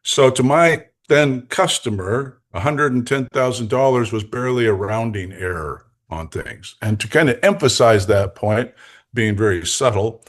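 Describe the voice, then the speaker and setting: An older man telling lively, jokey stories as a guest coach in an interview, laughing between lines. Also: mid-range voice, normal speed. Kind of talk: anecdotal storytelling in a podcast interview.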